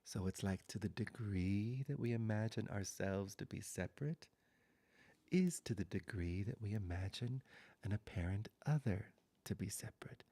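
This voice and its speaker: A man giving a spiritual satsang talk, speaking softly and slowly, often half-whispered, with long pauses. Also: lowish voice. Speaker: spiritual teacher.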